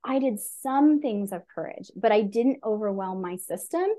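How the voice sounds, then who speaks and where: A middle-aged woman coach, a podcast guest, telling stories in an earnest, animated way. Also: mid-range voice, moderate pace. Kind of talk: conversational interview.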